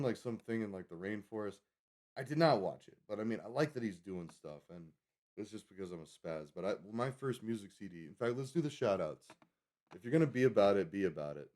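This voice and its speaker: Rambling low-voiced man streaming. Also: darkish tone. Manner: chatty, digressive, self-correcting. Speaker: live streamer. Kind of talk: rambling casual stream chat.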